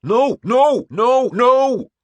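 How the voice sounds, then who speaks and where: Male narrator playing a roaring Norse captain, husky, pushed high, dry studio sound. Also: lively intonation, takes it slowly, dry recording. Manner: roaring, bellowing. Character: desperate male Norse ship captain, defiant.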